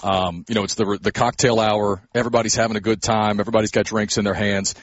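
Husky low-voiced man telling anecdotes. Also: fast talker, no room sound, highs cut off. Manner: relaxed anecdotal, conversational. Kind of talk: casual chat.

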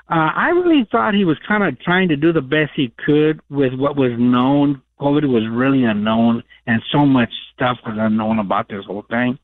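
A man's voice: mid-range voice, dry recording. A man calling in to a radio show, chatty and rambling, with many fillers. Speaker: caller. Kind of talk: radio call-in. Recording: tinny phone line.

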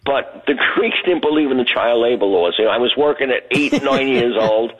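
A man's voice: medium pitch, a little fast. An older man from Brooklyn, calling into a radio show and telling a story with chuckles. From Brooklyn, New York. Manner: rambling, chuckling anecdotes. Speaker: caller. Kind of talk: phone-in storytelling. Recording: phone line.

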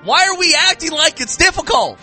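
A man's voice: extremely high pitch, sing-song, fairly quick, pushed and bright, faint music behind. A man hosting a sports talk show, ranting in exasperation with frequent restarts. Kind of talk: casual sports talk rant.

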